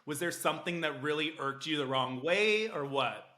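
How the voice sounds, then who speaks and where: Podcast host guy, bright punchy voice, slightly high, faint music behind. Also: lively intonation. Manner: quick sponsor read, then short listening cues. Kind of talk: casual interview chat.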